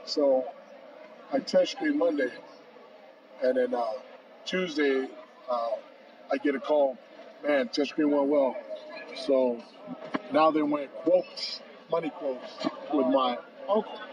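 A man in his fifties, a podcast guest, telling a long anecdote with lively acted-out dialogue and frequent "bro.". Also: medium pitch, slow pace, pauses often. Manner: lively storyteller acting out both sides of phone calls, says "bro" often. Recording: distant, dull and noisy.

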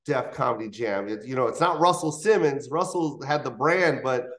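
A man's voice: mid-range voice, moderate pace. A comedian in his fifties telling stories in an interview, acting out other people's voices along the way. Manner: animated, acts out voices in anecdotes. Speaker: comedian guest. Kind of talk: interview storytelling. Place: interview studio.

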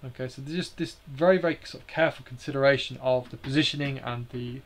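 A man's voice: mid-range voice, fast, slight background noise. A man hosting a live stream, explaining slides in a hesitant way with many fillers and restarts.

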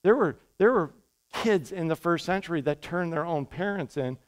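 A male pastor preaching a sermon in a church, energetic and conversational, with quick asides to the congregation. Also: a little high. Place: church sanctuary.

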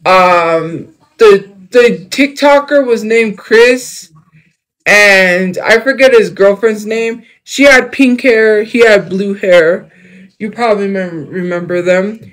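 A man's voice: high voice, slow, a bit bright, poor audio. A young man chatting casually on a livestream. He rambles, jumps between topics and fills his talk with fillers.

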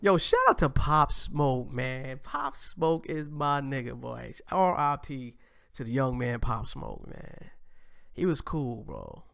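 A man hosting a casual commentary show, reacting to clips in a loose, profane, animated way. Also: medium pitch, takes it slowly, creaky. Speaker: host.

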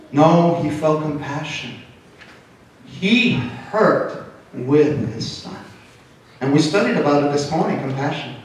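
A middle-aged man preaches a sermon with animated delivery and a fairly high voice. He is picked up from some distance in a very echoey church hall. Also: a little hiss or hum. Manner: animated, switches into Spanish, acts out quotes. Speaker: pastor. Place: church sanctuary.

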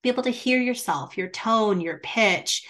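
A business presentation instructor teaches presentation skills in a webinar, varying her volume and pace for emphasis and often saying "um." Her voice is on the high side, bright and forceful, at a normal speed.

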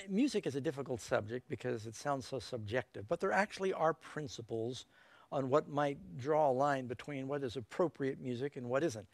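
A man's voice: mid-range voice, gravelly, no room sound. A middle-aged male preacher giving an evangelistic sermon in a folksy, emphatic way, with joking asides.

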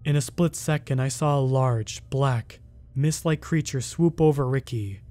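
Brief: male horror narrator, mid-pitched, steady, measured first-person storytelling.

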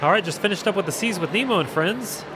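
A man's voice: sits high, lively intonation, fast talker, music in the background. A man vlogging his day outdoors at a theme park, upbeat and enthusiastic as he talks to viewers. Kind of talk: casual vlog narration.

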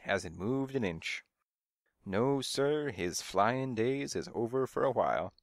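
A man's voice: mid-range voice, animated, takes it slowly, no room sound, clean studio sound. A man doing a fussy, nosy old woman. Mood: gossipy. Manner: fussy, scolding, hard of hearing.

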